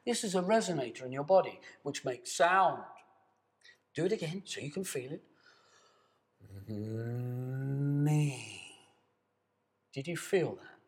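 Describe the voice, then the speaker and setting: A man teaching a guided voice and breathing exercise, speaking to camera in a calm, coaxing way and demonstrating sustained sung tones. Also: a little high, moderate pace. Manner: calm, coaxing, addresses the viewer directly. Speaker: voice and meditation teacher.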